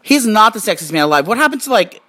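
A woman's voice: mid-range voice, sing-song, fast talker, fairly bright tone. A tipsy, hiccuping woman at home, reading out facts in a rambling way with lots of fillers. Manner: rambling, reads aloud with fillers and restarts. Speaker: vlog host reading celebrity facts. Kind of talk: casual chat. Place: home, indoors.

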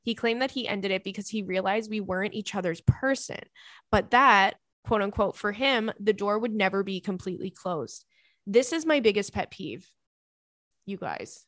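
A woman's voice: medium pitch, lively intonation, normal speed, a bit bright, no echo, clean studio sound. A young woman hosting a podcast, reading listener emails aloud in casual chat and gushing over them. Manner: gushing, effusive, frequent "oh my God". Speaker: podcast host.

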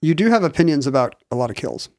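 A man's voice: on the high side, very animated, quick pace, a little mellow, no echo, studio quality. A man co-hosting a podcast, explaining a story in a chatty, wry way with frequent restarts. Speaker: podcast co-host. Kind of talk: casual chat, explaining a story.

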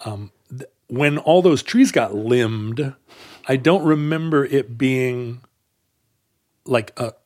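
A man's voice: mid-range voice, slow, a little mellow. A man co-hosting a podcast, talking in a casual, wry way with many fillers and restarts. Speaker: podcast co-host. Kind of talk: casual chat.

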